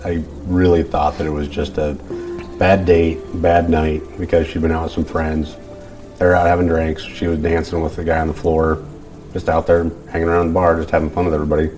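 Very deep-voiced middle-aged man, flat. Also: over music. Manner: halting, rambling with many fillers. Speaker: father of missing woman. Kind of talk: interview.

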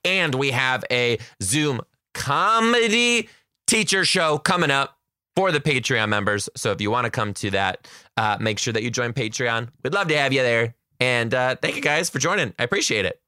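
A man's voice: medium pitch, expressive, normal speed, bright, forceful tone, dry recording, clean studio sound. A man hosting his own podcast as a kindergarten teacher, chatting in an upbeat, playful way. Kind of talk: casual solo podcast chat.

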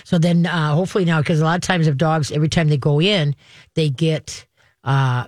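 A woman's voice: low voice, fairly even intonation, brisk, a little mellow, dry recording, clean studio sound. A woman hosting a call-in radio show as a dog trainer, giving practical step-by-step advice in an upbeat way, often checking in with "okay". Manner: upbeat, practical, talks through steps with "okay".

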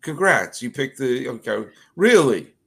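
A man with a gravelly voice hosts a casual podcast chat. He teases in a wry, sarcastic tone and drifts into rambling asides. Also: mid-range voice, big pitch swings, unhurried. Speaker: podcast host. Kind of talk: casual conversational interview.

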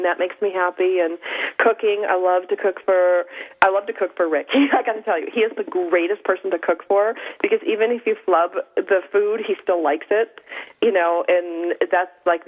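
A woman hosting a casual talk radio show, chatty and quick to laugh. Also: on the low side, fairly even intonation. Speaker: host. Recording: phone-line radio sound.

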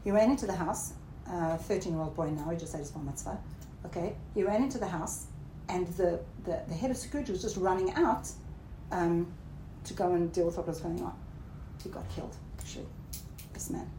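A Torah teacher lectures her class in English sprinkled with Hebrew terms, frequently checking in with the listeners. She talks fairly quickly, and her pitch rises emphatically whenever she stresses a point. The room gives a roomy echo, with faint noise in the background.

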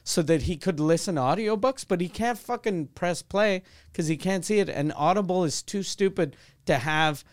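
A podcast co-host with a high-sitting voice chats casually, telling rambling stories at a normal speed with few pauses and swearing heavily throughout. He's recorded on a studio mic.

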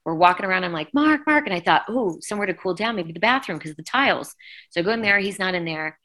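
A middle-aged woman, a singer being interviewed, recounting events in a lively, emotional way and acting out quoted dialogue. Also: fairly low pitch, quick pace. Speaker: guest singer. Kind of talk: conversational interview storytelling.

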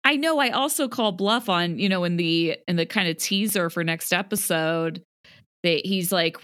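A woman's voice: on the low side, normal speed, a bit bright, smooth, no room sound, clean studio sound. A young woman co-hosting a podcast, chatting and laughing often. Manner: giggly, chatty. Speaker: podcast co-host. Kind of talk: casual chat recapping a reality show.

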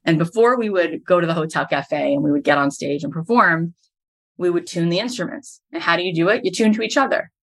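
A woman's voice: on the low side, brisk, a bit bright. A middle-aged woman, a podcast host and business coach, telling stories as a guest in an interview and building each anecdote to its punchline.

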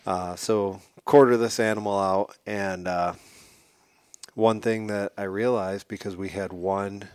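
A man as a podcast guest, telling a hunting story in a casual, animated way and acting out what people said. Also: lowish voice, measured pace, clear, resonant tone, no room sound. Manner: animated, acts out quotes.

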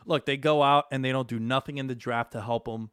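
A man hosting a solo sports podcast. His voice is smooth and resonant, recorded close and dry with no room sound. He talks loosely and with energy, swearing now and then. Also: mid-range voice, fairly even intonation, brisk, a bit bright, no echo. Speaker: podcast host. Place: home studio, New York.

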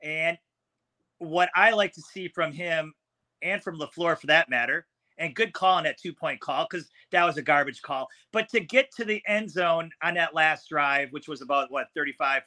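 Bright, blunt man talking football. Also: fairly high pitch. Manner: blunt, frustrated game analysis. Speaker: podcast co-host. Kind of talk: casual sports chat.

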